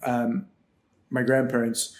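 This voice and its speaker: Middle-aged man, podcast guest; animated, playful storyteller, casual. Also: medium pitch, slow pace. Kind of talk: casual interview talk.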